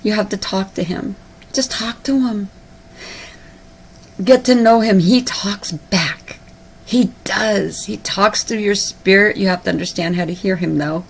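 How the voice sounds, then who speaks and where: A woman's voice: mid-range voice, a little slow, vocal fry, breathy edge. A woman preaching urgently to her viewers, repeating herself and turning tearful and emotional. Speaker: online video preacher. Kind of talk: emotional personal address to viewers.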